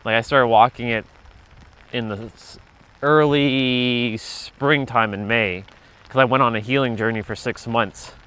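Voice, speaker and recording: A man at an average pitch, out walking a trail in winter with his phone in hand. He chats loosely and swears freely as he tells stories to his livestream, laughing as he goes. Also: steady tone, measured pace, a bit bright, clear, resonant tone. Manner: loose, profane, chatty, laughs often. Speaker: vlogger livestreaming a walk. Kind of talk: casual rambling storytelling.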